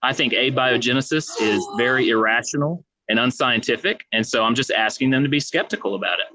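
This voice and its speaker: A man's voice: mid-range voice, a little fast, pushed and bright. A man talking as a guest on an online debate call, earnest and a little hesitant, often repeating words. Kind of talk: casual online debate chat. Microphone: video call.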